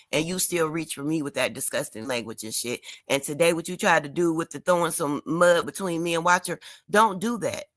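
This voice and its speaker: Detroit woman streaming, blunt and cussing a lot, upset and crying, sharp bright voice, dry close mic. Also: lowish voice, dry recording. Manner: blunt, profane, emphatic. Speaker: livestreamer. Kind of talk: emotional livestream rant.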